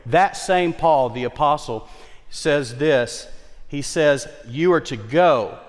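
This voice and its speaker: Fervent preaching man in a reverberant hall. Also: slow. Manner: emphatic preaching, repeats key phrases, dynamic swings in pitch and volume. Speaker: pastor. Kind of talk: sermon. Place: large church worship center.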